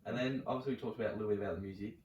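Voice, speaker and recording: A man hosts a casual podcast interview, asking easygoing questions. His voice sits fairly low. The recording is roomy and heard from a little way off the mic. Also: very fast, a little mellow, highs cut off, slight background noise. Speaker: podcast host. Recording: roomy, from a distance.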